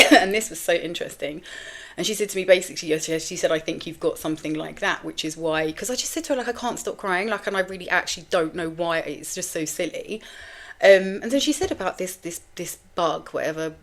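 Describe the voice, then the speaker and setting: Chatty, rambling woman, lower voice. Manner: chatty, rambling, swears casually. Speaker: podcast host. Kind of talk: candid personal storytelling.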